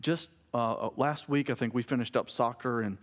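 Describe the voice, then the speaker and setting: Speaking at normal speed with a medium-pitched voice, a man in his thirties delivers a sermon as a pastor. His preaching is conversational, built on family anecdotes and jokes with the congregation that he self-corrects.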